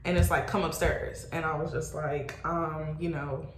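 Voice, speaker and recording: A young adult woman telling a casual storytime, animated and exclaiming, swearing freely. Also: low-pitched, normal speed. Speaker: vlogger. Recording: roomy echo.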